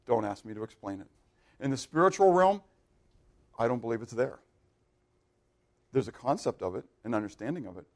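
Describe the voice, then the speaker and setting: A pastor preaching a sermon, animated and questioning his congregation, swinging between loud emphasis and hushed asides. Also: on the high side.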